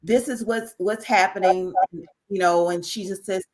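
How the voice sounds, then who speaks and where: A woman, a podcast guest telling a personal story in an animated way, often repeating herself and speaking straight to listeners. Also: mid-range voice, measured pace, poor audio. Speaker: guest, author. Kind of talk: casual interview storytelling.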